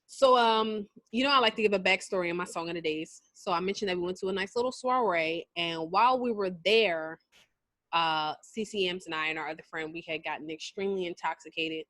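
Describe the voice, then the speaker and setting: A woman co-hosts a casual podcast chat and tells her stories with big, animated energy. She breaks into shouts and laughter. Her voice is dry and close, with no room sound. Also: on the low side, fairly quick, no room sound. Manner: loud, animated storytelling with bursts of shouting and laughter. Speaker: podcast co-host.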